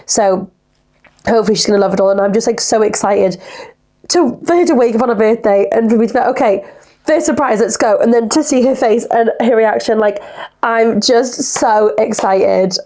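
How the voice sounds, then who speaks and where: A woman's voice: medium pitch, gravelly, mellow. A young woman, hosting a casual solo podcast in a rambling, chatty way full of "like". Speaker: podcast host.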